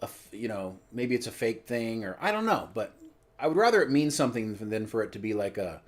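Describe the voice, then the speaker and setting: A man's voice: fairly low pitch, sing-song, brisk. A man from the United States co-hosting a casual pop culture podcast and giving opinionated commentary. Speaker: podcast co-host.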